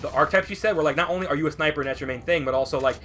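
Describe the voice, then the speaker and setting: A man's voice: on the high side, very fast, a little hiss or hum. A man co-hosting a let's play, telling rambling, profane stories in casual gameplay commentary and acting out voices as he goes. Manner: animated, acts out voices in anecdotes.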